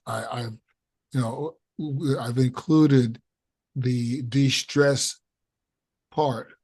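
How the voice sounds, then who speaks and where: A man hosting an interview, talking about his coaching clients in a relaxed way and playing out their conversations in quotes. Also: mid-range voice, very slow, husky. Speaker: host and health coach.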